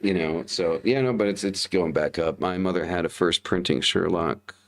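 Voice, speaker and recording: A man's voice: low voice, moderate pace, a bit bright. A man in his thirties co-hosting a casual livestream talk show, speaking candidly, swearing often and repeating himself as he tells stories. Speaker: podcast co-host, father.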